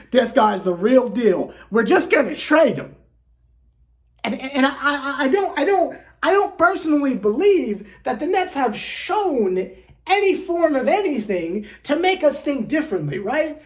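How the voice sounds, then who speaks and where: A woman hosting a sports fan channel, venting in an animated, exasperated way with lots of stumbling repeats. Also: high voice. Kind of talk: casual fan rant to camera.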